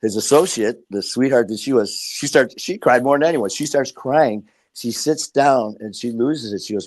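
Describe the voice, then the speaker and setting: Speaking at medium pitch and a moderate pace with few pauses, a man appears as a guest on a podcast. His storytelling is casual, blunt and profane, and he performs the quoted dialogue himself.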